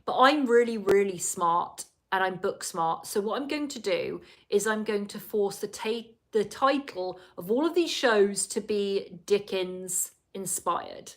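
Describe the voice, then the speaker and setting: A woman's voice: medium pitch, lively intonation, a little slow, hardly any pauses. A woman hosting a casual solo podcast, recapping a reality show in a chatty, rambling way full of asides and apologies.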